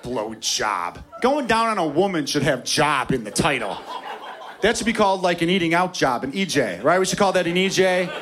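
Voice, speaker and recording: A man doing a crude, animated stand-up set on a comedy club stage before a live audience. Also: high-pitched. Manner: crude, animated, conversational delivery to a crowd. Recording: live club recording with crowd laughter.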